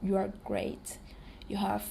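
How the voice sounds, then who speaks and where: Young woman podcaster with a hoarse cracky throat, lots of vocal fry, chatty and rambly, mid-pitched. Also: sing-song, takes it slowly, slight background noise. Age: young adult. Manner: rambling, warm affirmations, frequent ums. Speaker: podcast host. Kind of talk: casual solo podcast chat.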